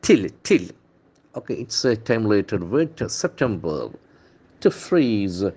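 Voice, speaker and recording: A man with an Indian English accent teaching vocabulary from the newspaper, repeating words slowly and spelling out their letters. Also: fairly low pitch, sing-song, a little mellow, husky. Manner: enthusiastic, calls words beautiful and brilliant. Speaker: English trainer.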